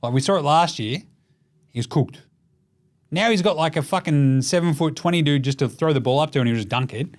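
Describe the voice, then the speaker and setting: A sweary Australian man, somewhat high-pitched for a man, hosting a basketball show in a casual, blunt style. He mocks freely and swears constantly, and his voice climbs loud and high whenever he gets worked up. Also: a little fast. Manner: profane, blunt and mocking. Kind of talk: casual sports commentary rant.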